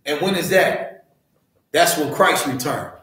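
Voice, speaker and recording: A man teaching a scripture class, loud and profane, fired-up like a street preacher. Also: fairly high pitch, unhurried. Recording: very echoey room.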